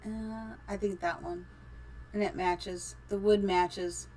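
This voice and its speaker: A woman's voice: mid-range voice, steady tone, slow pace, dark tone, a little hiss or hum. Chatty middle-aged woman streaming a build. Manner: chatty, thinks aloud, giggly. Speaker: game streamer. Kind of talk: casual live-stream building commentary.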